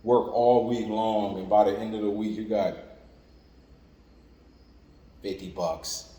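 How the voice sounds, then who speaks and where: A man's voice: lowish voice, fairly even intonation, slow pace, mellow. A man preaching an informal sermon in a conversational, repetitive way, with lots of "like" and "you know what I'm saying". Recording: echoey room with long reverb and faint ambience.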